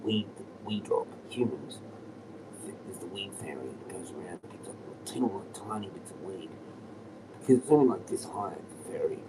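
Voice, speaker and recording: A man with a deep voice rambles to his live-stream viewers, chuckling and slipping into whispers. His delivery swings up and down a lot. He sounds set back from the mic, with steady outdoor noise all around. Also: moderate pace, distant mic. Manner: loose and chuckling, often dropping to a whisper. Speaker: livestreamer.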